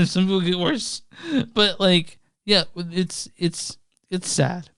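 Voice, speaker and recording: A man from Texas co-hosting a podcast in casual chat, halting and repeating words, laughing often, on a close podcast mic. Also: sits high, fairly even intonation, a bit bright, clear, resonant tone, no echo. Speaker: podcast co-host.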